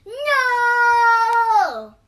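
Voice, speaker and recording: A monstrous little toddler boy shrieks at full force, high and piercing, as a woman puts him on. The voice is sharp and bright and sounds a little distant from the mic. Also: animated, drawn-out words, exaggerated voice. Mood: shrieking. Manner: shrieking single word.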